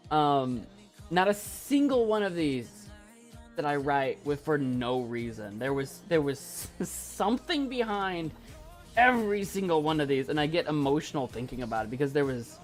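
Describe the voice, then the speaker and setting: A man talking casually to his viewers in a calm, soft voice that swings lively up and down in pitch. He stops and restarts often, choking up as he speaks. Faint music plays under him. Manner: halting, many restarts, choked up and emotional. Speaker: YouTube creator and poet. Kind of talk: casual live chat with viewers.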